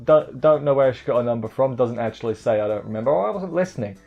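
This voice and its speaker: A man recapping an anime episode in casual chat, joking and rambling with quick asides. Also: medium pitch, gravelly, darkish tone, muffled recording, soft background music. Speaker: anime reviewer.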